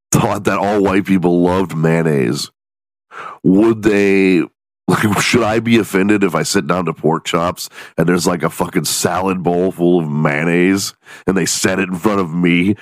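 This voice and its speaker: Very low-voiced podcast guy from texas, swearing a lot and doing little voices for people, dry close mic. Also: dry recording. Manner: profane, animated storytelling with mock voices. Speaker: podcast host. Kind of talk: casual comedic podcast rant.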